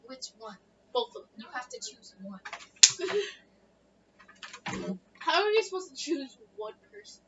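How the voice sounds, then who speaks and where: A woman's voice: high-pitched, very animated, unhurried, pauses often. A young woman chatting on a casual podcast with friends, giggly and teasing, turning emotional as she talks. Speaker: podcast co-host. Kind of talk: casual chat among friends. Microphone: laptop mic. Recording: muffled distant mic with background noise.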